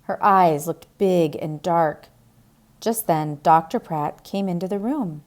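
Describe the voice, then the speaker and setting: A woman reading a graded-reader story aloud slowly, clearly and deliberately. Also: fairly low pitch, a little mellow. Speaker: narrator. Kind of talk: graded-reader audiobook narration.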